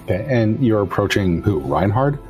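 A deep-voiced man runs a tabletop role-playing game, narrating scenes and asking the players casual questions. His low voice moves up and down freely, and faint music plays behind it. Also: sing-song, moderate pace, darkish tone. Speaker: game master.

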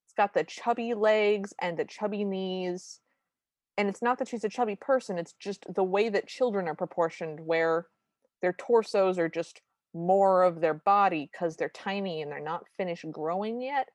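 A woman's voice: medium pitch, normal speed, darkish tone, dry recording. A woman co-hosting a podcast, chatting in a wry, detailed way about an old cartoon. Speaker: podcast co-host. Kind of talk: casual chat reviewing a cartoon.

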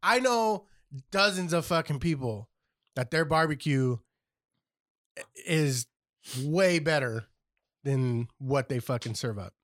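Man, podcast co-host, fired-up swearing rant, slightly high voice, dry sound. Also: lively intonation, takes it slowly, pauses often, fairly bright tone, no echo. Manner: profane, fired-up ranting. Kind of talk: casual podcast chat.

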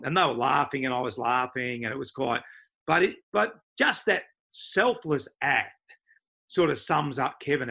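A gravelly, medium-pitched voice belongs to an older Australian man, formerly a football player and coach. In a casual interview he recounts anecdotes with animation, slipping into impressions of others' voices.

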